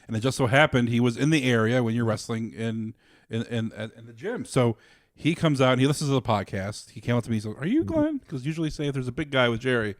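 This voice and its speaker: A podcast co-host chats in an easygoing, casual way, often repeating himself as he tells a story. He talks fast and animatedly at a medium pitch, with studio-quality sound and no room echo.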